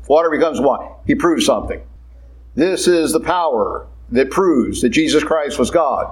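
A man's voice: fairly high pitch, big pitch swings, normal speed, poor audio. Emphatic man preaching a sermon. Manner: emphatic, conversational preaching with shifting pace. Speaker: priest.

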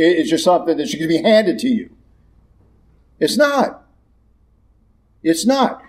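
Guy preaching a sermon, slightly high pitched, punchy and blunt, lively. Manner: blunt, emphatic, lively delivery.

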